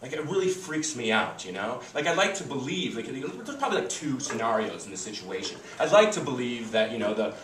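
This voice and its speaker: A man's voice: medium pitch, very animated, fairly quick, few pauses, a bit bright, slight background noise. A young man doing a stand-up routine in a small comedy club, conversational and rambling, full of "like" and "you know". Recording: roomy club sound, voice a bit far from the mic, audience laughter. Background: audience laughter.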